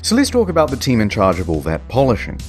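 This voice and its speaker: A man's voice: mid-range voice, huge pitch swings, fast talker, faint music behind. A man narrating a comedic documentary in a dry, sardonic storytelling manner.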